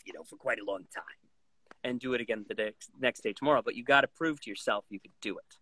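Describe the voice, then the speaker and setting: A man with a lowish, breathy-edged voice talks fast as a voice actor guest in a casual interview, recorded without echo. He's animated and launches into voices and impressions partway through sentences.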